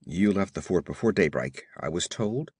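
A man's voice: low-pitched, expressive, normal speed, darkish tone, husky, no echo, studio quality, pitched below the performer's own voice. A man voicing a young, earnest frontier governor who speaks formally and sounds worried, read as an audiobook character.

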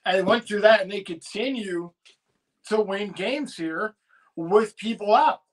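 A man hosting a casual livestream, excitedly rambling about his team's win and swearing freely. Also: sits high, a little slow, low-quality recording. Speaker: livestream host and fan commentator. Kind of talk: casual post-game chat.

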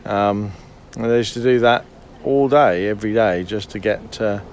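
A man in a casual travel vlog, talking hesitantly with many pauses and restarts. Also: lowish voice, darkish tone, a little hiss or hum. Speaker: vlogger. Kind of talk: casual chat.

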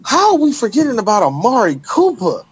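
A man co-hosting a casual sports podcast, talking fast and animated, profane, with lots of laughter. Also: very high voice, slight background noise. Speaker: podcast co-host.

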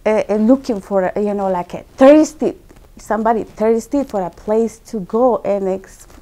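A woman tells her own story as a guest, her English simple and non-native in its phrasing. She speaks earnestly and with feeling, often repeating words for emphasis. Her voice sits at an ordinary middle pitch. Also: normal speed, warm tone. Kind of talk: personal testimony storytelling.

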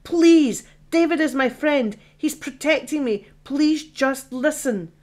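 A woman's voice: high-pitched, takes it slowly, a little mellow, pitched above the performer's own voice. A woman voicing a frightened male artificial intelligence who pleads and blurts out in exasperation, in an audiobook. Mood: pleading.

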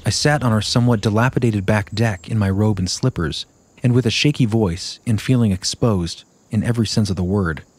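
A man hosting a podcast, reading a listener's first-person story aloud in a steady, measured way. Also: fairly low pitch, a little hiss or hum. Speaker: podcast host.

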